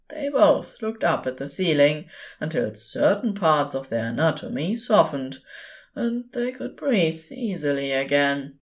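A woman reading a story aloud as unhurried audiobook narration, very expressive. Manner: low, slow, very expressive. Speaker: podfic reader.

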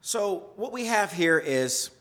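Storytelling male preacher. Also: takes it slowly. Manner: conversational storytelling with lively pitch swings. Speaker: pastor. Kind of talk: sermon.

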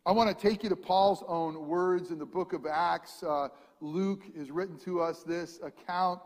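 A man preaching a sermon with animated delivery, swinging between loud emphasis and hushed asides. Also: a little high, in a large hall. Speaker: pastor.

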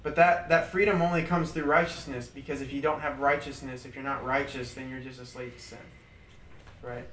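A man leading a small group Bible study in an informal, animated way, repeating points for emphasis and laughing through his stories. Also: mid-range voice, fairly quick. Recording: roomy, distant mic with faint background noise.

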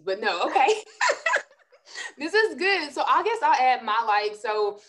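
A woman's voice: on the high side, big pitch swings, measured pace, fairly bright tone, slight background noise. Upbeat woman co-hosting a film chat. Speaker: podcast co-host. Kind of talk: casual film review chat.

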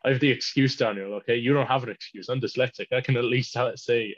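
A teenage Irish lad chatting casually, telling rambling stories and laughing mid-sentence. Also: male voice, mid-range voice, steady tone, fast. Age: teens. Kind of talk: casual chat. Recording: dull lo-fi sound.

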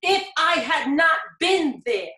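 A woman's voice: high-pitched, big pitch swings, slow pace, sharp tone. A middle-aged woman telling a personal story earnestly in an interview, her voice rising in pleading emphasis. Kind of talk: personal testimony in conversation. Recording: echoey room.

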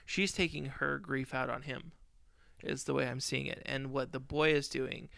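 Gravelly man rambling in casual chat. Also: medium pitch, flat delivery, normal speed, bright, forceful tone, dry recording, studio quality. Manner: rambling, lots of "like" fillers, tells personal stories. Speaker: podcast co-host. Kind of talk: casual film review chat.

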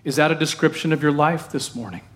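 Middle-aged male pastor, slightly high voice, chatty sermon that keeps asking the congregation questions. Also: quick pace, fairly bright tone. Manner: conversational preaching with questions to the congregation.

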